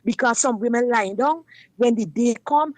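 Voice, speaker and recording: A woman's voice: on the high side, normal speed, no room sound. Emphatic woman telling her story. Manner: emphatic dialect storytelling, addresses listener directly. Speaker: guest sharing personal story. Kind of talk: personal testimony on a talk show.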